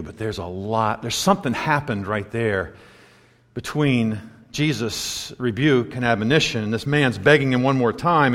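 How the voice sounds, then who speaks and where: A man preaching a sermon, telling stories and swinging between loud emphatic lines and hushed asides. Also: medium pitch. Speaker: pastor. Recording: long hall reverb.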